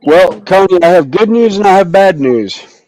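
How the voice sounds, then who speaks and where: A man's voice: sits high, animated, normal speed, a little mellow, no room sound, rough recording. A man chatting casually about his hobby, easygoing and rambling with fillers. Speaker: hobbyist streamer. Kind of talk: casual chat.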